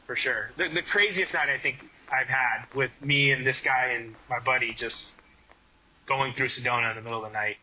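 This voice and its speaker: A man's voice: medium pitch, moderate pace, breathy edge, poor audio. A man, a guest on a running podcast, telling stories in casual conversation with lots of "like" fillers. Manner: animated storyteller, many fillers like "like".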